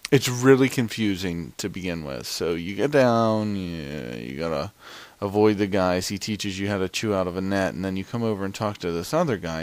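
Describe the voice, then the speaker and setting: A man's voice: fairly low pitch, no room sound. A man casually narrating his gameplay in a chatty, rambling way.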